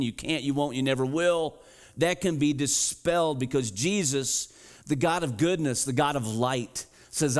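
A middle-aged man and pastor, preaching a sermon, alternating urgent repeated calls with slow, low, deliberate emphasis. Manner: urgent, rising to emphatic repetition.

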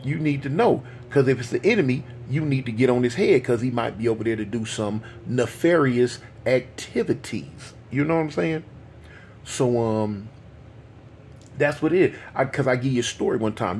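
A man's voice: mid-range voice, moderate pace, a little mellow, slight background noise. A man, telling a street story in a rambling, conversational way full of asides. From Los Angeles. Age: 50s.

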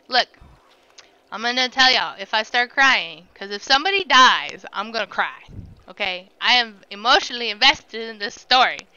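A high, piercingly bright woman's voice commenting on her gameplay, letting out yelps and shrieks when she panics. She drags her words out slowly into a desk microphone. The recording sounds a little dull, with faint game music underneath. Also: smooth, no echo. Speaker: streamer playing a video game.

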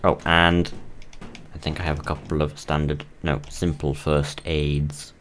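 A man's voice: very deep voice, flat delivery, a little slow, a bit bright, a little hiss or hum. A man streaming a co-op game, chatting casually and joking with his teammate while he plays. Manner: chatty, jokey, mock British and Australian voices. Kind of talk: casual co-op gaming chat.

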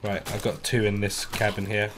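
Excitable swearing man gaming. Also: fairly low pitch, normal speed. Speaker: gamer. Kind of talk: casual co-op gameplay chat.

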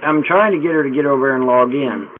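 A man's voice: medium pitch, quick pace, no echo, phone-quality sound. A man hosting an online chat room who rambles and jokes. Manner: rambling, joking.

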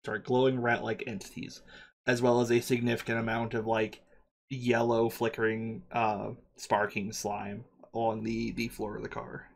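A man narrating as game master for a tabletop game, describing scenes in a halting way with frequent ums and uhs. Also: on the low side, flat delivery, vocal fry.

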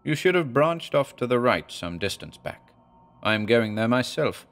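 A man voicing a tall, thin, masked wanderer who speaks with soft, old-fashioned courtesy. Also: mid-range voice, sing-song, moderate pace, pitched above the performer's own voice. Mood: courteous. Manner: softly courteous, archaic speech.

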